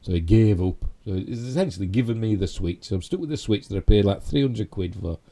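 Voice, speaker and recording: Speaking fairly quickly in a mellow, fairly low voice, a middle-aged YouTube host from Yorkshire, England, runs a casual live stream. In his Yorkshire accent he rambles chattily, teasing himself along the way.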